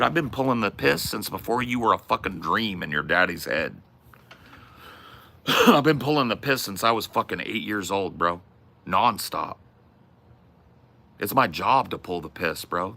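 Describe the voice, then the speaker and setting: A man's voice: on the low side, lively intonation, moderate pace, creaky, pushed and bright. A man from the US West Coast ranting on his livestream, brash, profane and trash-talking. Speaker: streamer. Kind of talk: casual livestream rant.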